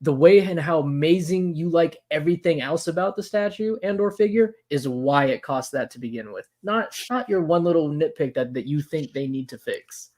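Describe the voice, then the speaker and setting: A man's voice: fairly high pitch, animated, moderate pace, few pauses, darkish tone. A man co-hosting a collectibles stream, rambling in a fed-up way with lots of fillers. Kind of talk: casual chat.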